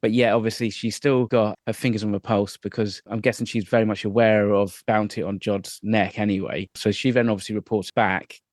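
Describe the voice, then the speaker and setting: A man co-hosting a casual TV reaction chat, talking things through in an animated, analytical way. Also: lowish voice, a little fast, few pauses, no room sound, studio quality. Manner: animated, analytical, thinks aloud. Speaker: podcast co-host.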